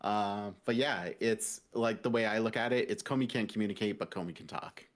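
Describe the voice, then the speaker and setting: A man's voice: lowish voice, fairly quick. A man co-hosting a casual podcast over a call, animatedly retelling a story and slipping into the characters' lines. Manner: animated storyteller who recaps scenes and mimics characters. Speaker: podcast co-host. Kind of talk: casual chat.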